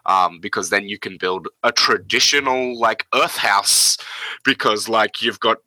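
A man's voice: on the low side, measured pace, bright, forceful tone, dry recording, poor audio. A man running a tabletop game as game master, describing scenes hesitantly with many fillers.

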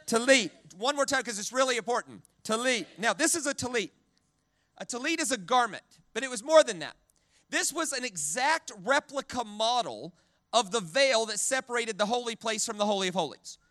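A man's voice: very high-pitched, dry recording. A man preaching a sermon, who leads the crowd in repeating words and often restarts his phrases. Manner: animated, leads the crowd in call-and-response repetition. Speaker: guest preacher.

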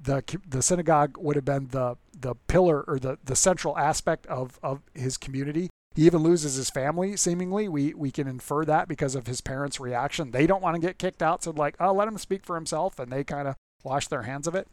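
A man's voice: on the high side, a little fast, darkish tone, dry recording. A man preaching as a pastor in a casual, conversational way, often restarting words and acting out the people in the story. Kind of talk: conversational sermon.

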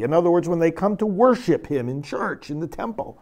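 Male priest, emphatic sermon delivery, higher voice, animated intonation. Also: brisk, hardly any pauses. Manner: emphatic preaching, reading scripture with dramatic force.

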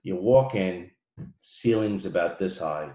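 A man telling a story in casual chat, animated and profane. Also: deep voice, takes it slowly. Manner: animated, profane, mimics people in his stories. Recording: echoey room.

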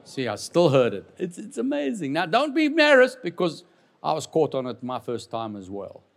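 Male pastor, higher-pitched, animated sermon delivery with humor and big dynamic swings. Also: normal speed, creaky. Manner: animated, jokes with congregation, swings from loud to quiet. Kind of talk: lively sermon.

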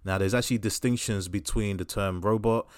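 A man's voice: lowish voice, fairly even intonation, a little fast, smooth, no echo, studio quality. A man casually reviewing a film in a podcast chat, rambling and thoughtful with frequent fillers.

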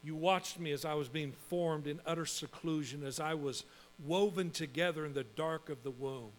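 A middle-aged man preaching a sermon as pastor, lively and emphatic, building points through repetition. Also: on the high side, normal speed.

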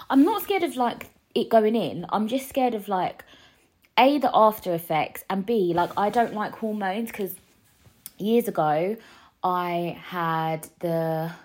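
A woman's voice: lowish voice, a little mellow. A young woman hosting her own podcast from a living room, rambling casually with many restarts and a lingering cough. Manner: chatty, rambling, self-deprecating, lots of fillers and restarts. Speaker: podcast host. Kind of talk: casual solo podcast chat.

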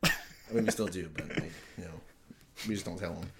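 A man's voice: sits low, a little fast, vocal fry, noisy background. Laughing, rambling young man storyteller. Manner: laughing, rambling, swears a lot. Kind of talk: casual storytelling chat.

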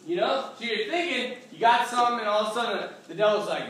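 A man preaching a sermon as pastor, animated and joking as he acts out voices. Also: high-pitched, fast talker, few pauses, slight background noise. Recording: echoey hall from far off.

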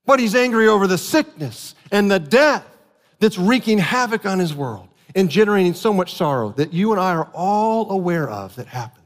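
A man preaching a sermon, telling a family story with animated outbursts and earnest explanation. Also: sits high, normal speed. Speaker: pastor. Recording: long hall reverb.

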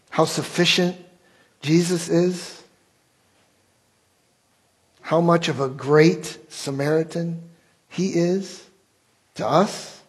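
A man's voice: on the high side, a little mellow, husky, poor audio. A man preaching a sermon as pastor, earnest and building to impassioned rhetorical questions.

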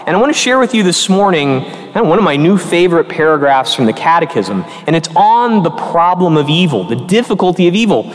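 A man's voice: fairly high pitch, sing-song, fairly quick, few pauses. A man in his early forties, a Catholic priest, preaching a conversational and earnest sermon with emphatic turns. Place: church. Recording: long church reverb.

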